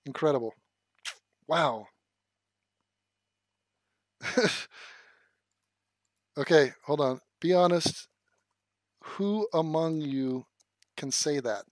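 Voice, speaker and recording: A man's voice: on the high side, animated, very slow, pauses often, no room sound. A man streaming live, swearing as he rants and stumbling over a hard word while laughing at himself. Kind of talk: casual livestream commentary.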